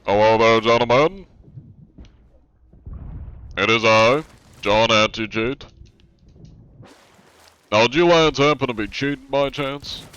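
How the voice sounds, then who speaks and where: A man's voice: mid-range voice, slow, pauses often, a bit bright, clear, resonant tone, muffled recording. A man voicing an overly polite, formal anti-cheat inspector character in an online game stream. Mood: mock polite. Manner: courteous, formal address.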